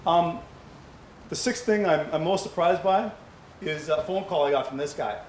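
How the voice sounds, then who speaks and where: A man's voice: a little high, moderate pace. Man telling stories at a fundraiser. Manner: anecdotal, asks rhetorical questions. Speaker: speaker at a charity fundraiser. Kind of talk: conversational speech to an audience. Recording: echoey hall with faint background hum.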